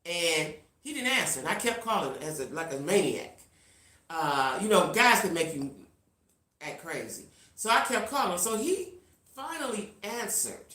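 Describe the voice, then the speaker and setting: A middle-aged woman hosting a live stream, telling a personal story in a casual, animated way and talking straight to her viewers. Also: on the low side, a little slow, echoey room. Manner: reads out viewer comments. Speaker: livestream host.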